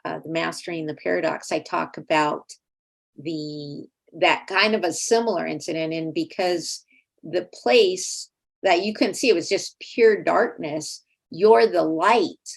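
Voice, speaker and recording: Gravelly, low-voiced woman podcast host. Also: measured pace. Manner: relaxed, conversational, filling in with short affirmations. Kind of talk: casual interview chat.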